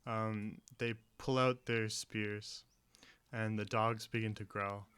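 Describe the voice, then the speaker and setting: A man running a tabletop game as game master, narrating in a measured way with frequent fillers. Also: on the low side, level tone, fairly bright tone, clear, resonant tone.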